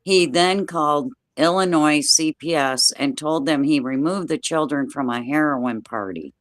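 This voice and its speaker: A woman's voice: deep voice, measured pace, no room sound. Older woman telling a family story, dry. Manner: plain, steady storytelling with everyday dialect grammar. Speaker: guest.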